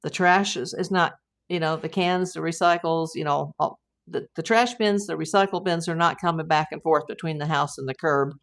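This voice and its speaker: At normal speed and in a low voice, a middle-aged American woman hosts a laid-back private investigator livestream. She rambles through comments from viewers, with plenty of fillers and restarts.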